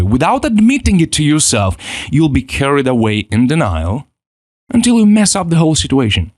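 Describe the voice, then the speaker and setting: Animated man coaching with lively pitch. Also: normal speed, no echo, studio quality. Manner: animated, acts out quoted inner voices, repeats words. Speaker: self-help coach. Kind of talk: motivational teaching.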